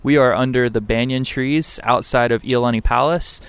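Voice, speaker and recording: A young man with a smooth, clear voice, chatting casually as a podcast co-host. He tells a travel story in a relaxed way and laughs often. His pitch sits in the middle of a man's range. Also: moderate pace. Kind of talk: casual chat. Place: outdoors under trees.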